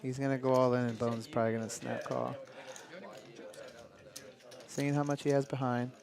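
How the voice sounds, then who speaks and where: A man joins the poker commentary as the sidekick. His voice sits in a mid range. He sounds easygoing and chimes in with quick agreement and laughs. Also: mid-range voice, steady tone, creaky, crowd noise.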